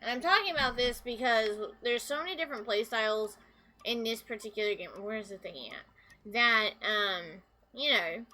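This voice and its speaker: Bright-voiced woman game streamer. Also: fairly high pitch, moderate pace. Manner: rambling, talking to chat with many fillers. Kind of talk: live gameplay commentary.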